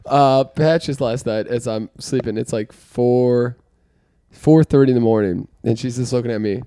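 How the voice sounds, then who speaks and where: A man co-hosting a casual podcast, playful and animated, laughing often. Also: medium pitch, normal speed, no room sound, clean studio sound. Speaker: podcast co-host. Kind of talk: casual chat.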